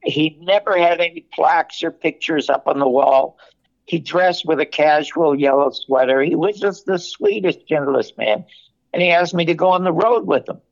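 An older man, a television producer, telling animated stories in an interview and acting out the dialogue. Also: a little high, normal speed, vocal fry. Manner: animated anecdote-telling, acts out quoted dialogue. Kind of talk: storytelling interview. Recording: muffled, lo-fi audio.

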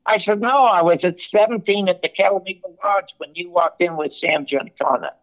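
An older man, a television producer, telling animated stories in an interview and acting out the dialogue. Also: high-pitched, fairly quick, hardly any pauses. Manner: animated anecdote-telling, acts out quoted dialogue. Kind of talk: storytelling interview. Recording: muffled, lo-fi audio.

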